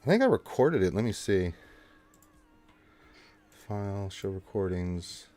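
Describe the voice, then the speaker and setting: A livestream host with a low, dark voice talks a little slowly but very animatedly, soft music in the background. He rambles loosely and fills his speech with fillers as he chats and signs off the show.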